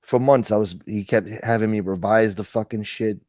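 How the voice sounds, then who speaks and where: A man's voice: lowish voice, fairly even intonation, moderate pace, mellow, no room sound, lo-fi sound. A man hosting a casual livestream chat, ranting with profanity and thanking viewers for donations. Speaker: livestream host.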